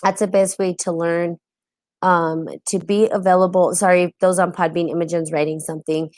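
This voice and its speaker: A woman's voice: on the low side, level tone, moderate pace, darkish tone, no room sound. A woman hosting a live-streamed spiritual talk, chatting casually, often asking "right?" and greeting viewers as she goes.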